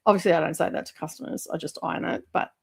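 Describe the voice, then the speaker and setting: A woman's voice: low voice, fairly even intonation, racing, gravelly, darkish tone, husky. A middle-aged woman, chatting casually as host of a livestream, rambling with lots of fillers and laughs.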